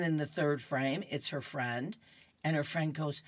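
A woman's voice: deep voice, takes it slowly, long pauses, no room sound. A woman radio reader cheerfully reading comic strips aloud to listeners. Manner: cheerful, laughs between strips.

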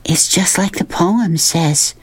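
A woman's voice: on the low side, lively intonation, takes it slowly, darkish tone, no echo, voice pushed up. A woman reading aloud, voicing a bold, stubborn young girl who is fierce and demanding. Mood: awed.

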